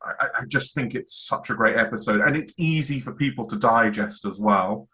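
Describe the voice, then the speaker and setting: A man's voice: mid-range voice, a little fast, bright, forceful tone. A man co-hosting a casual chat, enthusiastically retelling scenes and acting out the lines. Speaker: podcast co-host.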